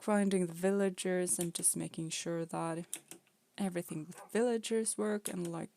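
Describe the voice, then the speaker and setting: A woman's voice: medium pitch, creaky, mellow, slight background noise. A young woman streaming a game, chatting casually and playfully, often laughing and scolding her pet cats. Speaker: vtuber streamer.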